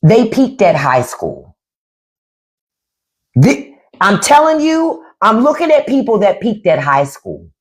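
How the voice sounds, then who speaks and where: A woman's voice: medium pitch, big pitch swings, slow pace, pauses often. A woman hosting a livestream, ranting bluntly and mockingly with plenty of profanity. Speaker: livestream host. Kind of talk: casual livestream rant.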